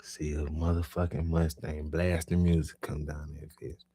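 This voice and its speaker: Low husky man telling a rowdy story. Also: normal speed. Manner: animated, swings between low mutters and loud bursts. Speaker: podcast storyteller. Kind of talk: casual profane storytelling.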